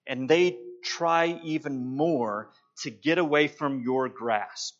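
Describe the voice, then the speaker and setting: Slow, emphatic preaching man. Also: fairly high pitch. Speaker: pastor. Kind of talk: sermon. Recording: dull lo-fi sound.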